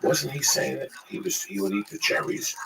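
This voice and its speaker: A man's voice: medium pitch, moderate pace, gravelly, distant mic, crowd noise. A man in casual profane chat, telling blunt stories with acted quotes about hustling. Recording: noisy recording.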